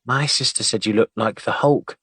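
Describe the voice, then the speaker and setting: A man's voice: lowish voice, moderate pace, a bit bright, slightly rough, dry recording. A man doing a small cheeky boy. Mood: curious. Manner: blunt, eager questions.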